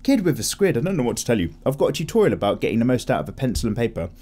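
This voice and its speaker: A young man chats easily while he sketches, drifting from one thought to the next and correcting himself as he goes. His voice sits at a middling pitch but swings up and down freely, giving a relaxed, animated feel. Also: rapid-fire, husky. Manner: chatty, rambling, self-correcting with laughs. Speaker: art channel host. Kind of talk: casual chat while drawing.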